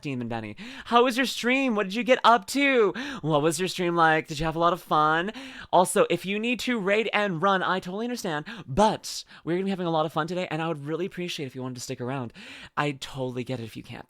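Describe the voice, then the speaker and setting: A woman's voice: low-pitched, a bit bright, no room sound, studio quality. A young Canadian woman with a Canadian accent, chatting casually with viewers on a livestream, bubbly and giggly, calling people darling and bud. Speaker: VTuber streamer.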